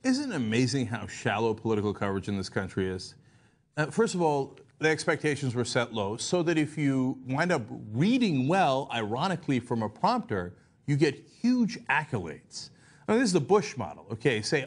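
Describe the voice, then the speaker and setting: Sarcastic high-voiced male commentary host. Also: big pitch swings, moderate pace. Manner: sarcastic, mocking, laughs at his own jokes. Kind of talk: satirical political commentary.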